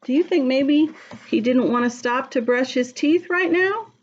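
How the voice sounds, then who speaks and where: Slow, gentle woman reading to children. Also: high-pitched, lo-fi sound. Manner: slow, gentle, asks the listener questions. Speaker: early-childhood reader. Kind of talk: reading a picture book aloud to young children.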